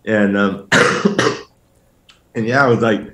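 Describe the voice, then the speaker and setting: Young male guest, low-ish voice, rambling casual storyteller, roomy echo. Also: drawn-out words, fairly bright tone. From family from Mexico. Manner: rambling, full of "like" and restarts. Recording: echoey room.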